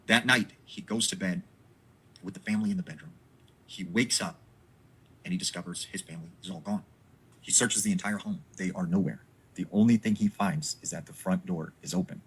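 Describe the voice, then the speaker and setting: Man, deep voice, very husky, casual spooky storytelling, lots of fillers. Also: a little fast, fairly bright tone, low-quality recording.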